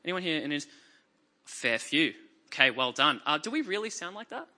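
Preaching in an Australian accent to a church congregation, a man reads scripture dramatically and mixes in wry jokes in a conversational style. His fairly high voice swings widely in pitch, sounds sharp, and keeps a normal pace.

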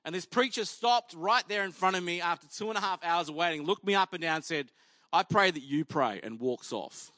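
A man delivering a sermon in a slightly high, forceful and bright voice. He tells the story in a casual, humorous way and acts out each person in it. The sound is dry and close, with no room around it. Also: fairly quick, hardly any pauses, no room sound. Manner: animated storytelling, acting out the people in the story; conversational and humorous. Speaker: pastor.

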